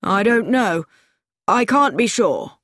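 A woman's voice: medium pitch, expressive, takes it slowly, fairly bright tone, no room sound, studio quality. A woman reading an audiobook, voicing an anxious, self-important young man who speaks earnestly and fearfully about being watched. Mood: troubled. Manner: earnest, confiding, growing fearful.

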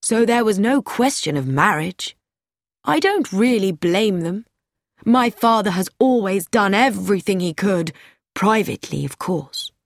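A woman's voice: mid-range voice, dry recording, clean studio sound. A woman reading an audiobook, voicing an anxious, self-important young man who speaks earnestly and fearfully about being watched. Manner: earnest, confiding, growing fearful.

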